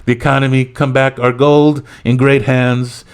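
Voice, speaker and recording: A man doing a comic impression of a boastful, rambling male president, who talks loudly and piles on superlatives. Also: medium pitch, level tone, normal speed, clear, resonant tone, pitched above the performer's own voice, close to an everyday voice. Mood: blustering. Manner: loud bragging, repetitive superlatives. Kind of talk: comic impression in a podcast skit.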